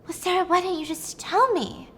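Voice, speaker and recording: A woman voicing a shocked middle-aged mother who fires off frantic questions in a raised, high voice. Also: animated, normal speed, bright, forceful tone, full character voice. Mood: pleading.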